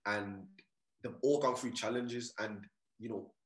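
A man in his late twenties, a mindset coach telling his story in a casual podcast chat, animated and often checking "you get me". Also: fairly low pitch, unhurried, roomy sound.

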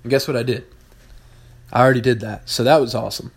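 A man in a casual podcast monologue, speaking bluntly and cursing freely. He hammers points home by repeating them. His voice sits in an ordinary middle pitch. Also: fairly even intonation, quick pace, slightly rough. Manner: blunt, profane, emphatic repetition. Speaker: podcast host, business owner.

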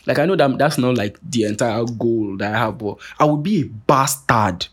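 Husky young man ranting. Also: medium pitch, normal speed. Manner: profane, animated, rambling with many restarts. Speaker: podcast host. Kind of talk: casual monologue rant.

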